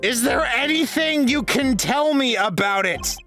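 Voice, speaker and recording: A weary male defense attorney speaks in a lowered, dry, deadpan tone, as a woman puts him on for a game reading. The delivery stays slow and unhurried. Faint music sits underneath. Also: full character voice. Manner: low, flat, dry delivery.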